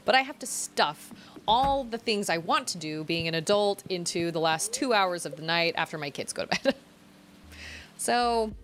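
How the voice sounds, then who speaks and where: A woman's voice: fairly low pitch, animated, unhurried, a bit bright, a little hiss or hum. A woman in her thirties streaming a game, chatting casually, giggly and rambling. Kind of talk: casual chat while gaming.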